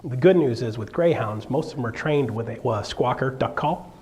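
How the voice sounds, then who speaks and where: A man giving a live stage talk to an audience, jokey and animated, acting out quotes as he tells stories. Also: medium pitch, fairly quick. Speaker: seminar speaker.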